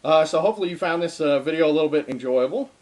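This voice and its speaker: A man's voice: fairly high pitch, animated, racing, loud music behind the voice. A young man giving a casual darbuka lesson, talking informally with frequent ums and uhs and stopping to play between phrases. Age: young adult. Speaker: darbuka teacher. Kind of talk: casual spoken drum lesson. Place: home room with drum. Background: darbuka drumming between phrases.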